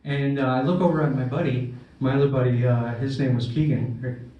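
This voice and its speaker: A man's voice: medium pitch, steady tone, normal speed, very echoey, far from the mic, highs cut off. A man doing a stand-up comedy set, telling a crude story and checking in with "right?" along the way. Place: comedy club stage.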